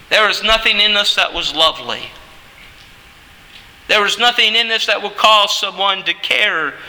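A man preaching a sermon as a pastor, emphatic, with wide swings of pitch and words drawn out for effect. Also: bright, forceful tone, in a large hall, rough recording.

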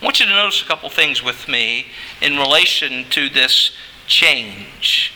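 Slow, bright-voiced preacher in a hall. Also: male voice, expressive, a little hiss or hum. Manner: emphatic preaching with dramatic pitch swings and drawn-out words. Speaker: pastor. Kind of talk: sermon.

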